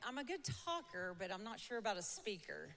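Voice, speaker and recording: A woman's voice: medium pitch, very animated, a little fast, gravelly, fairly bright tone. A woman with a Southern accent, a church member telling her testimony in a chatty way, laughing often. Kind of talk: casual storytelling testimony. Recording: long hall reverb.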